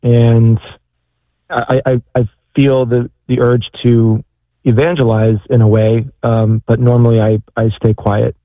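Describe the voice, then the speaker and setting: Male caller, flat halting voice, dry phone-line sound. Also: medium pitch, dry recording. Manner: hesitant, halting, many fillers. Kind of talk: phone call-in.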